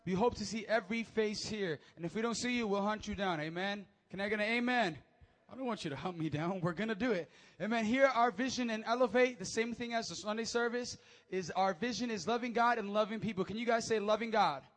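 A young man, a youth pastor, giving energetic, joking announcements and preaching to teens, often calling for amens. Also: sits high, brisk.

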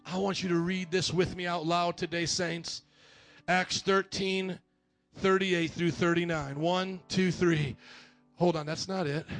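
A high-pitched man preaches to a church congregation with lively energy. He acts out the voices he quotes and rises to shouts. Soft music plays faintly behind him. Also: creaky. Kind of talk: sermon.

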